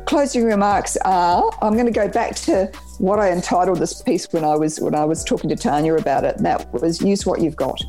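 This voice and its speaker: A woman with a New Zealand accent, a guest on a podcast, telling stories in an upbeat, animated way. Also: on the low side, fairly quick, few pauses, soft background music, poor audio. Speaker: podcast guest, business trainer. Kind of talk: casual podcast interview.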